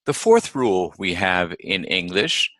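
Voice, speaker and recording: Male English teacher, lowish voice, unhurried and deliberate, carefully sounds out example words. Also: big pitch swings, a bit bright, dry recording. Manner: deliberate, models words by repeating them slowly. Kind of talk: slow instructional lesson.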